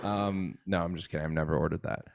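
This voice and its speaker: A podcast co-host chats casually, telling animated stories and acting out the voices of the people in them. His deep, gravelly voice moves fast, captured in a dry, studio-quality recording.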